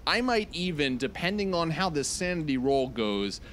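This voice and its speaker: A man at a tabletop game narrating his character's actions vividly, building suspense slowly. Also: a little high, big pitch swings, a bit bright, a little hiss or hum. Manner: dramatic storytelling with slow suspenseful build. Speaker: player.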